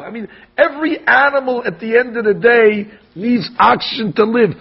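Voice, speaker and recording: A man giving an animated sermon as a rabbi, telling stories and acting out the quotes. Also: very high voice, normal speed, vocal fry, slightly rough, dull audio. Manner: animated storytelling, acts out quotes.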